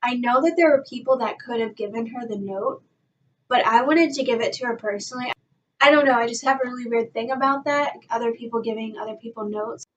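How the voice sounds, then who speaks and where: A young woman telling an excited fan story in a vlog, gushing and breathless, full of "like" and "guys". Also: on the high side, a little fast, highs cut off. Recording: voice a bit far from the mic, faint background noise.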